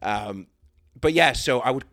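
A man's voice: medium pitch, lively intonation, a little slow, vocal fry, a bit bright, no echo. A man, a comedian guest on a podcast, telling crude, profanity-laced stories in a loose, rambling way. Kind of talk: casual podcast chat.

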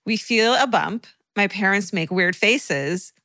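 Lively, bright-voiced woman podcaster. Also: medium pitch, takes it slowly, no room sound. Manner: animated and exclamatory, reacts loudly. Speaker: podcast co-host. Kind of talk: casual chat, reading a listener letter aloud.

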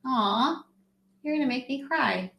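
A woman's voice: high voice, expressive, a little slow, creaky, a bit bright, echoey room. A woman co-hosting a show, chatty and teasing, often giggling in casual conversation. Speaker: co-host. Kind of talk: casual chat.

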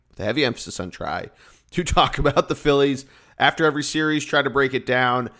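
A man's voice: medium pitch, gravelly, a bit bright. Upbeat joking man hosting a podcast. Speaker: podcast host. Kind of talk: solo sports podcast chat.

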